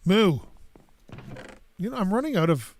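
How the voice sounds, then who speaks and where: A man's voice: high-pitched, lively intonation, fairly quick, a bit bright. A man casually talking through a block-building game on stream, rambling to himself and his chat as he plays. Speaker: gaming streamer. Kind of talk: casual gameplay commentary.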